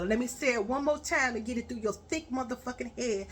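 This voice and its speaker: A woman telling a story on a vlog, blunt and profane, building to loud, forceful rants. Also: fairly high pitch, a little fast, hardly any pauses, husky.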